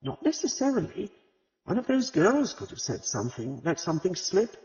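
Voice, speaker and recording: A gentle, wry vicar's wife, calm and a little rueful, her voice lifted and lively, as a male narrator plays her. The recording is dull and lo-fi, with long reverb. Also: high-pitched, normal speed, pitched above the performer's own voice.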